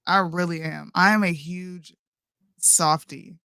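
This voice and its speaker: A woman's voice: lowish voice, fairly even intonation, takes it slowly, sharp tone, dry recording, studio quality. A woman in her thirties co-hosting a casual chat show, talking emphatically and calling people "bro". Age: 30s. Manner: emphatic, says "bro" a lot. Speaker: podcast co-host.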